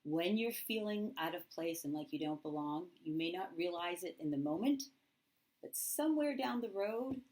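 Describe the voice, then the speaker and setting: A woman with a slightly low voice tells a personal story straight to camera, as a teacher would. She is candid and expressive. She slips into the voices of people from her memory while keeping her own tone. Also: normal speed. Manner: candid and expressive, acts out remembered dialogue. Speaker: middle school teacher.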